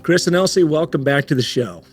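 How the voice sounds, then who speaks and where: A man's voice: on the high side, expressive, a little fast, soft background music. A man hosting a podcast, interviewing a guest in a conversational way and leading with guiding questions. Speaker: podcast host.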